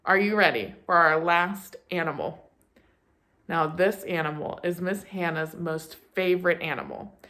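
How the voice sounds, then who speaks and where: A woman's voice: fairly low pitch, unhurried, sharp tone. A young woman preschool teacher talking to small children and reading a picture book aloud in an encouraging, sing-song way.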